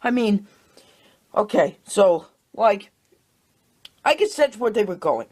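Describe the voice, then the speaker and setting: A woman's voice: mid-range voice, sing-song, slow pace, a little mellow, breathy edge. A woman ranting in a casual movie review, exasperated and repeating herself. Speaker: video reviewer.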